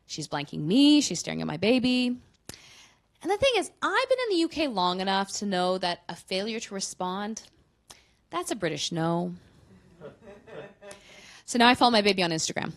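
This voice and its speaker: Lively woman doing stand-up. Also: mid-range voice. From Canada. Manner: candid, self-mocking storytelling with quick punchlines. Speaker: stand-up comedian. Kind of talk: stand-up comedy set.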